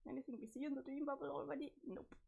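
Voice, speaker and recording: A woman's voice: high voice, steady tone, very fast, creaky, warm tone. A woman with a stuffy, allergy-clogged nose streaming a comic read-along, chatting and laughing at the jokes. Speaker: streamer reading a webcomic aloud.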